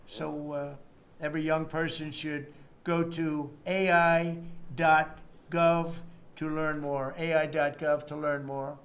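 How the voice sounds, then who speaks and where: A man's voice: a little high, flat delivery, slow pace, fairly bright tone. Rambling older American man, off the cuff. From United States. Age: 70s. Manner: rambling, repetitive and boastful, with mocking asides. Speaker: politician. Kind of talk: off-the-cuff remarks at a meeting. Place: indoor meeting room.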